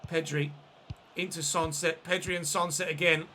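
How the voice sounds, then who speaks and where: A man commentating his own football video game match, excitable and shouting at goals, his voice going hoarse. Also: a little high, moderate pace, slight background noise. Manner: shouts and celebrates goals, then chats calmly. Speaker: gaming commentator. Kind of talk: excited live gameplay commentary.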